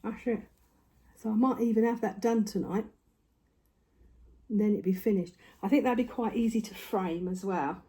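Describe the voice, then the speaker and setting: Warm and husky, the mid-range voice of an older woman carries at a moderate pace with long pauses as she chats to camera on her craft vlog. She's at home, a little out of breath, rambling and leaning on tag questions.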